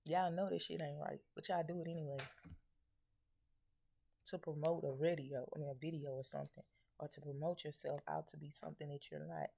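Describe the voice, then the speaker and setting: A woman with a low, gravelly voice preaches a blunt spiritual message straight at her viewers. She scolds and curses, firing rhetorical questions one after another. A confrontational, no-nonsense reader. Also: steady tone, a little fast, a little mellow.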